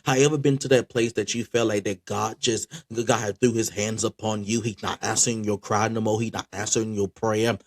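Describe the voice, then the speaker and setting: A man's voice: on the low side, fairly even intonation, a little fast, hardly any pauses. A man preaching a sermon with passion, often repeating words as he restarts his phrases. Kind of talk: spoken sermon.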